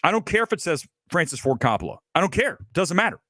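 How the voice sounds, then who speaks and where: A man's voice: fairly high pitch, very animated, fast talker, pushed and bright, no echo, studio quality. A man hosting a film review livestream, talking bluntly and emphatically with self-assured opinions. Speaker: film critic host.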